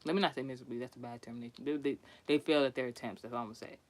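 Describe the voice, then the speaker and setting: A man's voice: medium pitch, fairly even intonation, racing. A man telling a story in a casual vlog, chatty and profane, laughing often and restarting his sentences. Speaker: vlogger.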